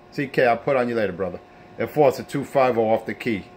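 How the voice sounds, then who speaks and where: A man's voice: medium pitch, fast talker, a little mellow, slight background noise. A man hosting his own CB radio show, taunting rivals and preaching in a boastful way. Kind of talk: trash-talking radio sign-off.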